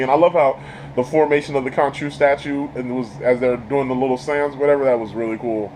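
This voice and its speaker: A man's voice: medium pitch, steady tone, fast, darkish tone, slight background noise, rough recording. A man giving a casual, enthusiastic spoken review of a TV episode, rambling and laughing often. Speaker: YouTube show reviewer.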